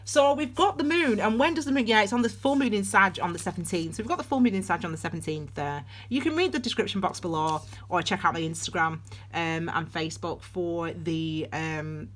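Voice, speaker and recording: A tarot reader with a fairly low, slightly fast voice gives a casual tarot and astrology reading, rambling and chatty with many restarts and calling her viewers darlings.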